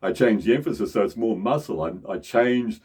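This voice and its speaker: A man's voice: lowish voice, expressive, a little fast, darkish tone, breathy edge. A middle-aged man giving a casual voice lesson, often restarting and repeating phrases as he speaks. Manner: shifts into demonstration voices. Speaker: voice teacher.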